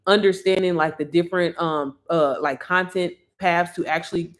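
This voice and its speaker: A woman's voice: lowish voice, steady tone, moderate pace. Chatty hyped woman coaching online. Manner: chatty and hyped, calls viewers girl and sis. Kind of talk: casual livestream sales talk.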